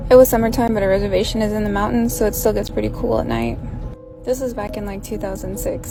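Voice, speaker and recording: A fairly high-voiced woman tells an eerie story from her past in a relaxed, conversational tone. Clear music plays under her voice. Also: low-quality recording. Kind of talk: casual spooky storytelling.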